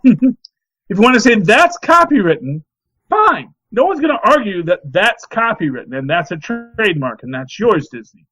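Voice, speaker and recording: A middle-aged man co-hosts a casual podcast chat, his voice sitting a little higher than most men's. He rambles in an animated way, restarting sentences as he goes. The sound is dry and close. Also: dry recording, poor audio. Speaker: podcast co-host.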